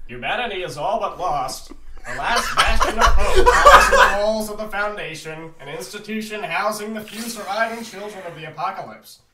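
A man's voice: sits high, big pitch swings, normal speed, echoey room, distant mic, very noisy, pitched above the performer's own voice. A man putting on the voice of a tiny scheming male cartoon plankton villain to read a dramatic blurb aloud. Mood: grandly ominous. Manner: dramatic reading, breaking into laughter.

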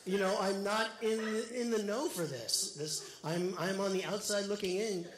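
A man's voice: high-pitched, steady tone, normal speed. Male voice actor, joking panelist, echoey convention hall. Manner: joking, self-deprecating. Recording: echoey hall with loud crowd.

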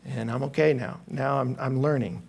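A man's voice: normal speed, gravelly. A man, preaching a sermon to a live audience and telling stories animatedly, acting out the voices of the people in them. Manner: animated storytelling, acting out quoted voices with big pitch jumps.

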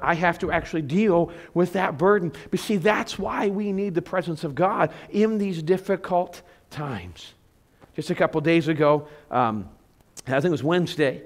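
A middle-aged man, a pastor, preaching a sermon in a church, talking conversationally with stories and rhetorical questions. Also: sits high. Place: church sanctuary.

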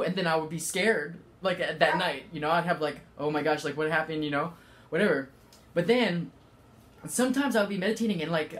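A man giving a casual spiritual talk, rambling with many fillers and halting restarts. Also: fairly high pitch. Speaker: spiritual vlogger.

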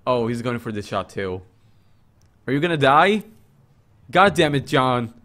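A young man streaming a game, commenting loudly with crude jokes and sudden yells. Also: mid-range voice, a little slow. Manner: excitable, yelling and crude joking. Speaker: gaming streamer.

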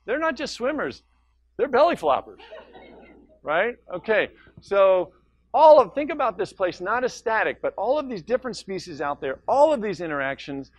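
A man's voice: high voice, sing-song, normal speed, no room sound. A man giving a public science lecture, enthusiastic and conversational, who often checks in with "right?" and narrates slides and video with jokes. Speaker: guest lecturer, marine scientist.

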